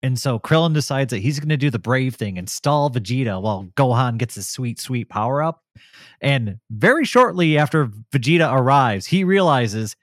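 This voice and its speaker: A man co-hosting a podcast, reviewing episodes in casual chat, enthusiastic and quick to laugh. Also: a little high, big pitch swings, no room sound, clean studio sound. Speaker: podcast co-host.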